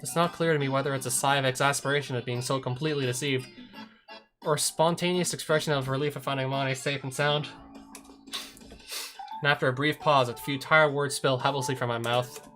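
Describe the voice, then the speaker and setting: A man's voice: mid-range voice, fairly even intonation, brisk, a bit bright. A man narrating a visual novel, reading the hero's tense inner monologue. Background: background music.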